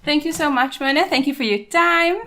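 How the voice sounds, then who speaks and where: A woman's voice: high voice, a little fast, bright, forceful tone. Supportive woman podcast host. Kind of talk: podcast interview.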